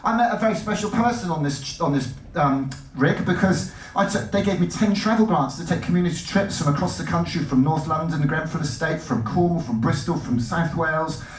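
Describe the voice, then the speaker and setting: Animated man talking in a roomy hall. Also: on the high side, a little fast, hardly any pauses, a little hiss or hum. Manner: animated, jumpy, self-interrupting. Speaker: speaker giving a talk. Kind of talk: enthusiastic stage talk. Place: lecture hall. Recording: roomy hall, mic at a distance.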